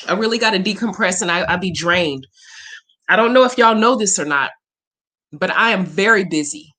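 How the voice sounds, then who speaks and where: A woman's voice: medium pitch, pushed and bright. Woman, spiritual reader hosting a livestream; candid, emotional, salty chat. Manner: candid, profane, emotional and chatty. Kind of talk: casual livestream Q&A.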